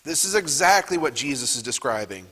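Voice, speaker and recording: A man's voice: medium pitch, expressive, fairly quick, sharp tone, long reverb tail. Man teaching a Bible class. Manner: reads scripture aloud and asks the class questions. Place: church classroom.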